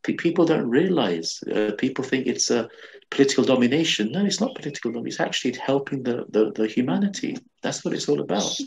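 Gravelly-voiced man, earnest guest imam. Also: mid-range voice, lively intonation, fast talker, poor audio. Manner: earnest, repetitive restarts. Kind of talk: conversational interview.

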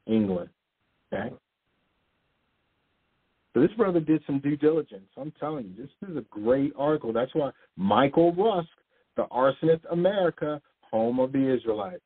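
A man's voice: medium pitch, husky. A man teaching from scripture, reading long passages aloud and checking in with his listeners with "okay?". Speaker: bible teacher. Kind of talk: sermon-style bible teaching. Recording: tinny phone-like audio.

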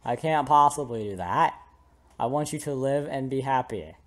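A man's voice: medium pitch, animated, normal speed, natural voice. A man reading the lines of a sorrowful mother speaking to her daughter in a game. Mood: somber. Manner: reading game text aloud.

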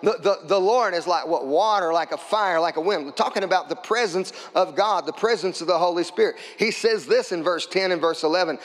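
A man preaching a sermon as pastor, quoting scripture and building to shouts at the high points. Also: brisk, hardly any pauses, big-room sound. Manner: preaching with scripture quotes, rising to shouts at climaxes.

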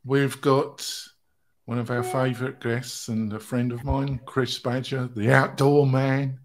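A man's voice: mid-range voice, level tone, measured pace. Jolly guy hosting a podcast roundtable, lots of laughing and um-ing, video call sound. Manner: jovial, laughs often, stumbles with fillers. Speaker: host. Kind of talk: round-table podcast chat.

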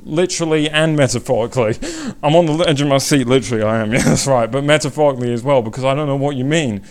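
Excitable man rambling on a live stream. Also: fast, few pauses. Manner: excitable, rambling, jumps into high-pitched mock suspense and laughs often. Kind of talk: casual live stream chat.

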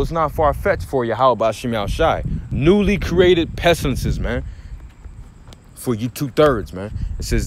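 A man's voice: mid-range voice, a little hiss or hum. Profane, fired-up street-preaching man. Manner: profane, emphatic, repetitive. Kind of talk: impassioned religious rant.

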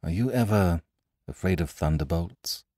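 Man playing a clergyman, stern, quiet, grave, deep voice, dry close sound. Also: moderate pace, no room sound.

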